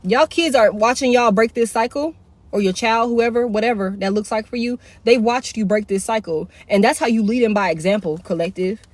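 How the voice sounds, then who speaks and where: A woman reads tarot live into her phone, swearing freely and repeating herself for emphasis. Her voice sits fairly high for a woman, and the sound is dry, close and free of room echo. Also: a little fast. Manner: blunt, profane and repetitive, with heavy slang. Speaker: tarot reader. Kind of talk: casual live tarot reading.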